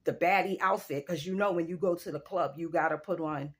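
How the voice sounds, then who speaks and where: Her voice lowish and slightly rough, a woman vlogger in her forties tells her viewers a story as part of a casual opinion rant. She stresses and stretches her words, and her voice jumps dramatically.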